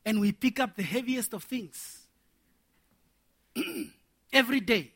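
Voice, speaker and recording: Bright, high-voiced preacher. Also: male voice, slow pace, slightly rough. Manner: animated, laughing, acts out little scenes. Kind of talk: sermon to men.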